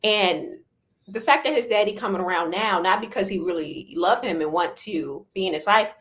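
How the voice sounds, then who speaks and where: A woman's voice: medium pitch, moderate pace, fairly bright tone. A woman guest in a casual live-stream chat, talking eagerly and with feeling. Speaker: guest panelist. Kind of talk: casual show recap chat.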